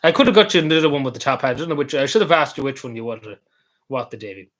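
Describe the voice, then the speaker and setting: A man with a Cavan Irish accent narrates his travel photos in a loose, rambling vlog. His voice is hoarse and sits at an ordinary middle pitch. He circles back on his points and drops in the odd swear word. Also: expressive, very fast, a bit bright. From Ireland. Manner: rambling, repetitive, swears casually. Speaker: vlogger.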